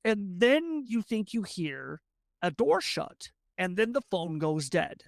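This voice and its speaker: A game master narrating a tabletop game in a rambling, quick way with many restarts, close to the mic. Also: mid-range voice, big pitch swings, vocal fry, no room sound.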